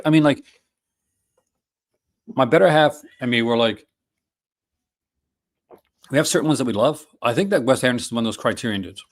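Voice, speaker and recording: A man hosting a casual live stream, talking enthusiastically with many fillers and restarts. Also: medium pitch. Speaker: host.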